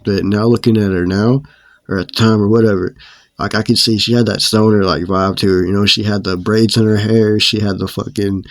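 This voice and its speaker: A man's voice: lowish voice, fairly even intonation, a little fast, no room sound, studio quality. A young man telling a story in a casual, slangy, profane way. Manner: laid-back, slangy and profane. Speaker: storyteller vlogger.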